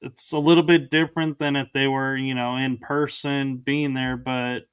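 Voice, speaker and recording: A man hosting a casual interview over a video call, speaking in a hesitant, unhurried way. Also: medium pitch, little pitch movement, clean tone. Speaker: show host.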